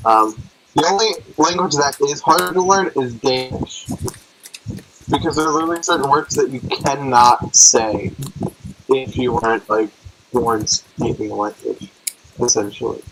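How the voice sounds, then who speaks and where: A man chatting on a voice call, excitable and quick to jump in, over a noisy mic. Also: mid-range voice. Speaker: friend on call. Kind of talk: casual chat on voice call.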